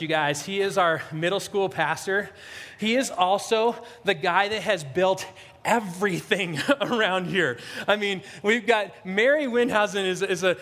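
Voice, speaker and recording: Pastor, male, high voice, loose joking delivery with restarts, long hall reverb. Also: a bit bright. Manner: informal, joking, many restarts. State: a little out of breath. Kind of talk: church prayer and sermon.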